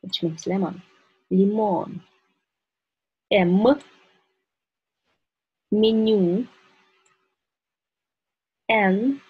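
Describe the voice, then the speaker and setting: A woman's voice: mid-range voice, fairly even intonation, very slow, pauses often, slightly rough, phone-quality sound. A woman with a Russian accent teaching the alphabet, patiently saying each letter and example word and repeating them. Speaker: language teacher. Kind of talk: alphabet lesson with spoken examples.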